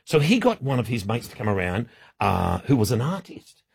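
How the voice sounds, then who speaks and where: Brief: male radio host, husky, clowning banter, bone-dry booth. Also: mid-range voice, big pitch swings, normal speed, darkish tone, no echo. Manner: jokey, laughing, mock French accent bits. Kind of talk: comedic breakfast radio banter.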